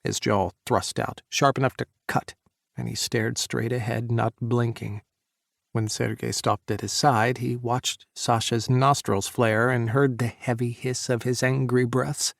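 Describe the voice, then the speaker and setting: A man narrating an audiobook romance in a measured, intimate way. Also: medium pitch, flat delivery, creaky, no room sound, studio quality. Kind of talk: scripted narration.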